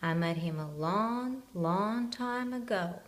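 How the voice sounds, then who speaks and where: A big, gruff monster dad from a storybook, as a woman puts him on. He drops his voice low and whispers his warnings, slow and solemn, making every danger sound terrible. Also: expressive. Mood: hushed warning. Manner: low and hushed, spooky warnings.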